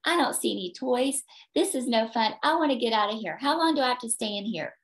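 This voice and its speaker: A woman's voice: on the high side, expressive, fairly quick. A woman voicing a complaining four-year-old boy in a story she tells. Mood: whiny. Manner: whining, complaining.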